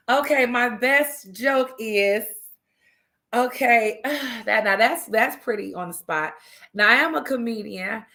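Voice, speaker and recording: A woman's voice: on the high side, slow pace, pushed and bright. Chatty woman hosting a livestream. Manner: chatty, laughs often, greets viewers by name. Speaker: livestream host. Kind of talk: casual livestream chat.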